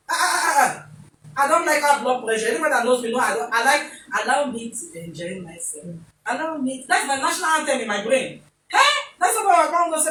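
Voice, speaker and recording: A woman's voice: high voice, animated, fast, a bit bright. A Nigerian woman presenting a talk show, speaking comically and mixing in pidgin as she acts out little scenes. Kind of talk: animated comic commentary. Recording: echoey room, distant mic, faint noise.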